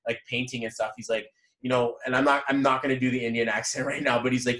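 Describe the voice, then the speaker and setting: A man leading a men's numerology group, talking in a rambling, energetic, preachy motivational way. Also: mid-range voice, fast. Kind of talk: motivational group coaching talk. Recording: echoey room.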